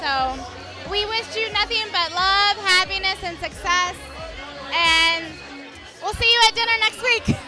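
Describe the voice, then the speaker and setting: A woman with a very high voice gives a sincere birthday toast, laughing as she talks. Music and a crowd are heard clearly behind her. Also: a little slow.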